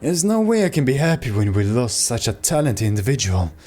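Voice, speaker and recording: Creepy, soft-spoken young man fixated on hope read by a streamer, calm and polite. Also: medium pitch, a little fast, natural voice. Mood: earnest. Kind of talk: reading game dialogue aloud.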